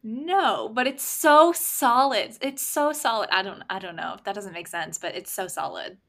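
A woman's voice: medium pitch, moderate pace, fairly bright tone. A woman co-hosting a podcast, chatting casually and hedging with lots of "like" and "um.". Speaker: podcast co-host. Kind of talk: casual book chat.

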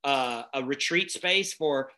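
A man, telling stories in a casual, energetic conversation as a guest, with many fillers. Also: medium pitch, slow. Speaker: nonprofit founder and guest.

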